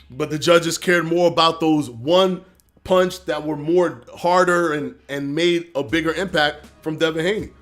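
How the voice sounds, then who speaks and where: Argumentative man hosting a live stream. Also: a little high. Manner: animated, argumentative, answers chat comments. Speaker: livestream host reading chat. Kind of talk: casual live stream talk.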